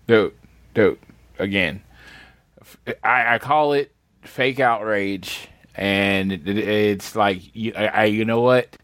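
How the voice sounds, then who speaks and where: A man co-hosts a wrestling podcast, speaking earnestly and in halting, restarting bursts. His voice sits somewhat low. The sound is close and dry. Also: fairly bright tone, dry recording. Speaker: podcast co-host. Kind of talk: casual wrestling podcast chat.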